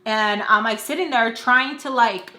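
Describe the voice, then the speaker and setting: Young woman doing a storytime vlog, chatty with tons of "like", bright voice, slightly high, echoey room. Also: measured pace. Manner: animated, lots of filler "like", quotes others in lively voices. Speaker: storytime vlogger. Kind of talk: casual storytime. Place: indoors at home doing makeup.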